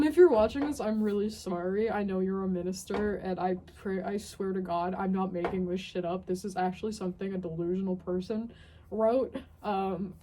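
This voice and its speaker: A young woman with a medium-pitched voice reads a strange ritual text aloud as a dramatic reading, adding casual commentary over a noisy background. She sounds tired and sardonic, and swears often.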